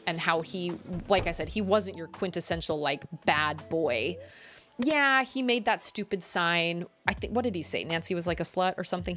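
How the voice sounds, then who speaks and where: A woman streaming a farming game, chatting casually in a rambling way, full of "like"s and quick laughs. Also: fairly low pitch, fairly bright tone. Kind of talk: casual chat while playing.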